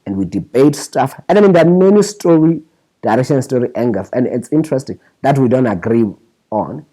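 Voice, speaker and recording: A man in his thirties speaks candidly about his scriptwriting career in an interview. His voice is husky and mellow and moves lively up and down. He restarts phrases often and acts out other people's lines as he goes. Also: mid-range voice, a little fast, low-quality recording. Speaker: scriptwriter guest.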